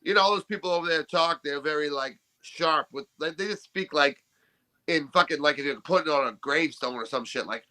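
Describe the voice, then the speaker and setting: A man co-hosting a podcast, telling stories in an animated, swearing, casual way. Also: fairly high pitch, brisk. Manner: animated storyteller, swears freely. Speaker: podcast co-host.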